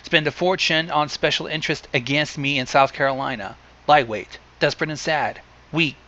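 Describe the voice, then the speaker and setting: A man reading a long list aloud in a plain deadpan way, adding dry asides now and then. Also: a little high, moderate pace, dull audio. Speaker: reader.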